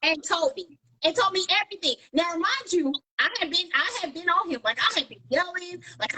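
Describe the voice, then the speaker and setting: High, bright-voiced woman chatting. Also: fast, poor audio. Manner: animated storyteller, acts out quoted dialogue. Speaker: podcast co-host. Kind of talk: casual chat.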